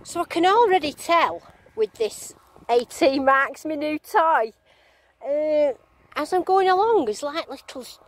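Expressive and unhurried, with a voice that sits high, an English woman films a casual, excited metal detecting vlog on a handheld camera. She's bubbly and giggly, gushing away at a field rally outdoors, with some moments in a car.

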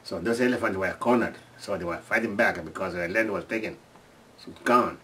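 Cast: male storyteller, lowish voice, halting delivery with restarts, recorded away from the mic. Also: sharp tone, recorded from a distance, slight background noise. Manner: halting, many restarts, acts out sounds and screams. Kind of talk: casual oral storytelling.

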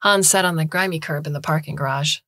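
Low husky woman reading a story, steady and even, dry close mic. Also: fast, no echo. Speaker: story reader. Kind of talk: scripted narration.

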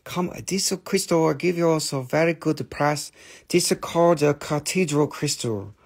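A man's voice: fairly high pitch, moderate pace. A man putting on a mock Chinese accent to play a pushy crystal seller speaking clipped, broken English. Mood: salesy.

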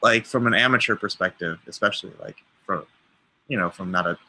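A young man hosting a casual podcast chat, relaxed and laughing, with halting restarts. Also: lowish voice. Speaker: podcast host.

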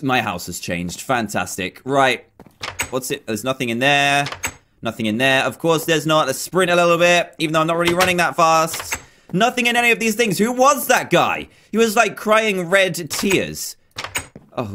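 A man's voice: on the high side, fairly bright tone, slight background noise. A man hosting a game video, giving nervous, jumpy horror game commentary and talking to himself as he plays. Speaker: gaming video host.

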